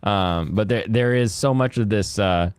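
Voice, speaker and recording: A man's voice: on the low side, a little slow, clear, resonant tone, no room sound. A man streaming a game who chats, rants and laughs often, speaking into a close desk mic. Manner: animated, ranting, laughs often. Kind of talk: casual gaming stream chat.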